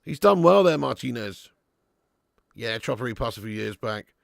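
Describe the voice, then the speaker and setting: A man hosting a live football watch-along, who shouts at the big moments and laughs a lot between them. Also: medium pitch, moderate pace, vocal fry, dry recording, studio quality. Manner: excitable, shouts at goals, laughs often.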